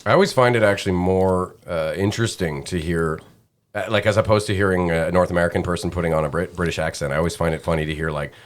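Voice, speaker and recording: A man's voice: low voice, fairly even intonation, fast, a little hiss or hum. A man hosting a casual interview, chipping in with brief, encouraging remarks. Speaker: podcast host.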